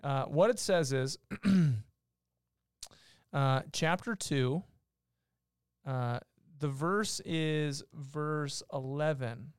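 A man's voice: a little high, drawn-out words, pauses often, clear, resonant tone, no echo, clean studio sound. A man on a podcast explaining a Bible passage in a casual teaching way, reading verses aloud and stopping often to restart his sentences. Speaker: podcast co-host teaching scripture.

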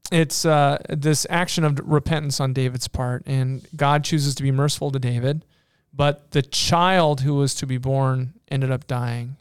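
A man in casual talk, retelling Bible stories in an animated way with playful asides and many fillers. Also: medium pitch, moderate pace, few pauses, smooth, dry recording, studio quality.

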